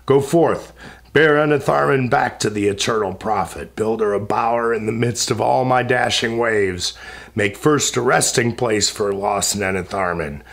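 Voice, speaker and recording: A man's voice: fairly low pitch, normal speed, vocal fry, a bit bright. Tharmas, a wrathful sea demon, voiced by a man. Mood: stern. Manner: stern, declaiming. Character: wrathful male sea demon, proud and commanding.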